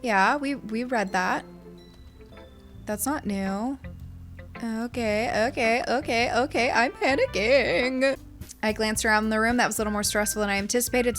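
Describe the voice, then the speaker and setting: A woman's voice: medium pitch, a bit bright. A young woman giving casual, reactive gameplay commentary, talking to herself and swearing as she plays. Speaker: gaming YouTuber.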